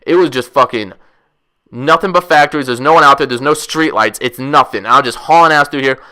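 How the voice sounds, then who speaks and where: Excitable, profane young man telling a story. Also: medium pitch, a little fast. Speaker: vlogger. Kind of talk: casual storytelling.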